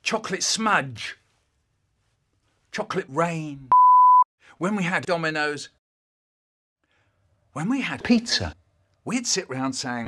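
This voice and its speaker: A man telling a comic story in an animated, theatrical way. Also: on the high side, takes it slowly, pauses often, slight background noise.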